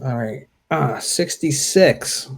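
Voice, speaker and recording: A man talks his way through a tabletop wargame at an unhurried pace, calling out each roll in a steady mid-range voice. His delivery is deliberate and casual, as if playing with a friend. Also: medium pitch, vocal fry, a little hiss or hum. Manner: deliberate, reads dice results aloud. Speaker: wargame player. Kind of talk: casual play-through commentary.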